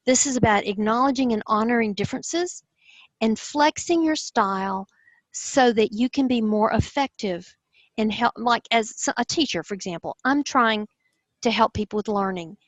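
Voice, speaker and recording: An enthusiastic, expressive woman with a Southern US accent, explaining personality styles in conversation. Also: fairly high pitch, normal speed, no echo, muffled recording. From Southern United States. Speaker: host, personality-type teacher.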